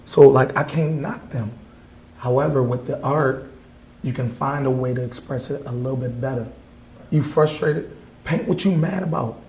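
A man's voice: mid-range voice, moderate pace, gravelly, a little mellow, reverberant, a little hiss or hum, rough recording. A male artist from Wisconsin talking in a casual interview in an art gallery, blunt and heated, swearing freely. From Wisconsin, USA. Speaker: artist guest.

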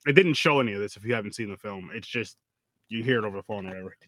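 A man's voice: fairly low pitch, very fast, fairly bright tone, no echo. A man in casual, profane conversation about a film, rambling and restarting his sentences. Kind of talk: casual movie review chat.

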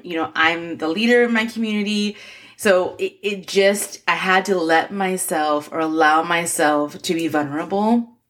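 A woman in her forties hosting a podcast, talking earnestly and emotionally to her listeners with encouragement and frequent laughs. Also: medium pitch. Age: 40s. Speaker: podcast host. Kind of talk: motivational podcast monologue.

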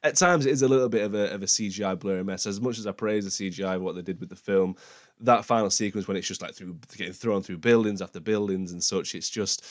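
A man's voice: on the low side, fast, no echo. A young man hosting a podcast, chatting casually about films in a rambling way, with lots of restarts. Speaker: podcast host. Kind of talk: casual film discussion.

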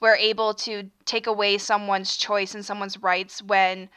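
A young woman talks through her views on a solo podcast with a bright, forceful tone. Her voice is smooth and crisp. She is earnest and opinionated, and she often breaks off mid-sentence to rephrase. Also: medium pitch, flat delivery, a little slow. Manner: earnest, opinionated, self-correcting with frequent restarts. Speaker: podcast host.

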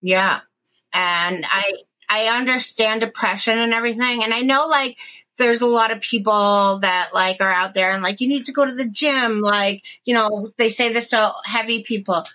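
A woman's voice: mid-range voice, moderate pace, bright, forceful tone, low-quality recording. A woman in her forties co-hosting a podcast, telling a personal story in a candid, profane, rambling way with many restarts. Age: 40s. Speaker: podcast co-host. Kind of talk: casual chat, personal storytelling.

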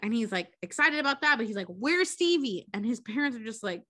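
Bright-voiced woman swearing through a story. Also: fairly high pitch, fast talker. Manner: profane, animated storytelling. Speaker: podcast co-host. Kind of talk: casual chat, retelling a movie plot.

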